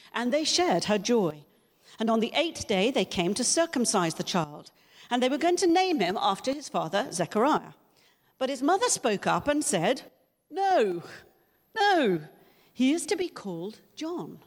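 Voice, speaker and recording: Lively woman preaching in a reverberant church. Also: on the high side. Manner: lively, expressive storytelling with emphatic voiced quotes. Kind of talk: sermon with scripture reading. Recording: long hall reverb.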